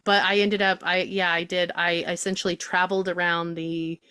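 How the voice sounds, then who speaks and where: A woman stage actress chatting in an interview, telling animated stories and now and then dropping into put-on accents. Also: lowish voice, moderate pace, smooth, no echo. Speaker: guest theatre actress. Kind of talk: casual interview chat.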